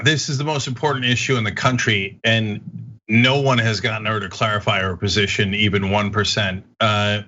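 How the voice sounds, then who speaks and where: A man's voice: lowish voice, bright, forceful tone, dull audio. A man hosting a political commentary show, talking in a combative, mocking way.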